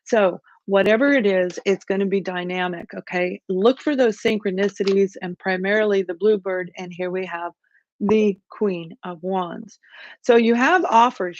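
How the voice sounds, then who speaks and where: A woman hosts a live tarot reading in a chatty, animated way and greets viewers from the chat. Her voice sits at a middle pitch. The sound is dry and a little dull, like a home setup. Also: no room sound. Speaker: tarot reader hosting a livestream.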